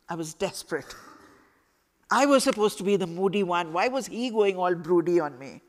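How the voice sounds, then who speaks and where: A woman author reading a passage of her novel aloud to a school audience in slow, expressive storytelling. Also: on the low side. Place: school event hall. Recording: echoey hall with long reverb.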